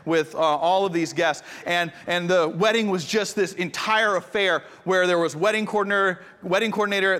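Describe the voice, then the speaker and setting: A pastor telling a personal story in a sermon, in a conversational way with restarts, and later drawing into a hushed tone. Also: male voice, high-pitched, in a large hall.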